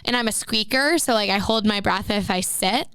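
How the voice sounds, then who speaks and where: A woman's voice: medium pitch, normal speed, fairly bright tone, smooth, no room sound, clean studio sound. A woman co-hosting a podcast in casual chat, bubbly and laughing often. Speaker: podcast co-host. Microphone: studio podcast mic.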